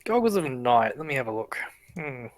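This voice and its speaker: A man's voice: medium pitch, sing-song, moderate pace, close to an everyday voice. A man doing a bumbling drow shopkeeper. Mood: flustered. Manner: flustered, fussy, apologetic.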